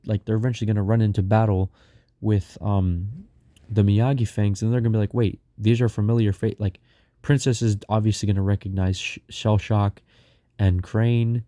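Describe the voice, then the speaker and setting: A man's voice: fairly low pitch, warm tone, dry recording. A young man casually telling a long story, rambling with lots of fillers and restarts.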